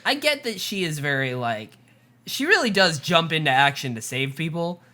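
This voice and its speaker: Bright-voiced chatty woman co-host. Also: low-pitched, normal speed. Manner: chatty, animated retelling with quoted asides and laughs. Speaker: podcast co-host. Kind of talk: casual chat recapping a TV episode.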